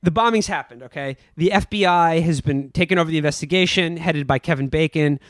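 A man co-hosting a comedy podcast, sarcastically recapping a film with animated storytelling. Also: on the high side, fairly quick, no room sound. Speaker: podcast co-host. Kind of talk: comedic casual movie recap.

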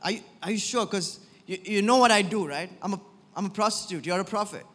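Brief: man putting on a disbelieving young woman, unsure and halting, reverberant room. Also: high voice, a bit bright. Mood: doubtful. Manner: disbelieving, hesitant. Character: stunned, doubtful young woman.

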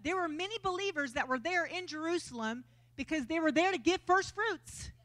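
A woman preacher delivering a lively, conversational sermon in a church, acting out quotes as she goes, with a Texan accent. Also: very high voice, fairly quick.

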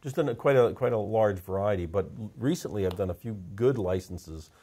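A portrait photographer with a fairly low, mellow, slightly rough voice tells stories in a casual interview, halting and repeating words as emotion gets to him.

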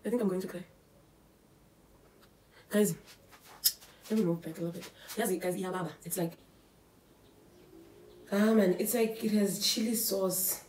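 A woman's voice: medium pitch, steady tone, measured pace, pauses often, a little mellow, a little hiss or hum. A young woman from South Africa, chatting casually and nervously to camera in a home vlog, thinking aloud as she goes. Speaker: beauty vlogger. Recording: echoey room.

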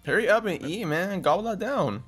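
A man streaming a survival game with friends, joking loudly and yelping in casual banter. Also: high-pitched, animated, brisk, slightly rough, faint music behind. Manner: loud joking banter, yelps. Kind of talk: casual gaming chat.

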